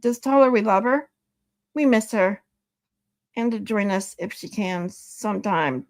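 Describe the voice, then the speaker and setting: Slow-talking, giggly woman streamer. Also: medium pitch. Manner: laughs a lot, swears casually, rambling. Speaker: live streamer reading chat. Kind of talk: casual live-stream chat.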